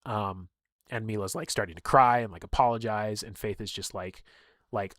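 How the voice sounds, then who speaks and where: A man's voice: lowish voice, steady tone, normal speed, fairly bright tone, dry recording, clean studio sound. A man telling stories in casual chat, rambling with many fillers and openly emotional. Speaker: streamer and game player.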